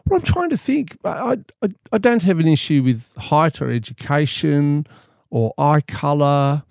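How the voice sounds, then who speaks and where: A man's voice: on the high side, animated, normal speed, creaky, darkish tone, no room sound, clean studio sound. A man, co-hosting a casual chat and rambling with jokes and repeated words. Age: 50s. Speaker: podcast co-host.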